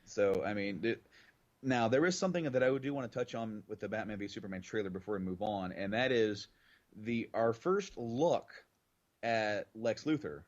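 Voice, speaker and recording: A man's voice: lowish voice, moderate pace, highs cut off. A man co-hosting a podcast in casual chat, rambling and circling back on his points. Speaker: podcast co-host.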